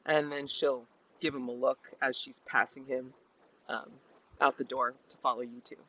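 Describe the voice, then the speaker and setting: A game master narrating a tabletop role-playing session in a chatty, animated way with many fillers. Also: mid-range voice, normal speed, poor audio.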